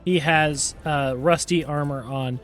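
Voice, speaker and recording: A man narrating as game master of a tabletop game, talking in a relaxed, hesitant way with many fillers. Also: a little high, unhurried, faint music behind.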